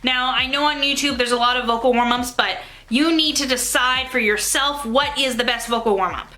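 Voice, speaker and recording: Bright, high-voiced young woman giving tips. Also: normal speed, a little hiss or hum. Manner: upbeat, emphatic, instructive. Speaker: theatre YouTuber giving audition tips. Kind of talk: casual advice vlog.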